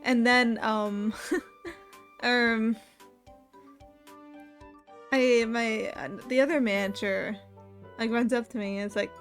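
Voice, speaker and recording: A young woman streamer chatting casually, telling a work story with frequent laughs and lively impressions of the people in it. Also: fairly high pitch, takes it slowly, long pauses, soft background music. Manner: laughs often while telling a story, animated quoting of others. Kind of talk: casual chat.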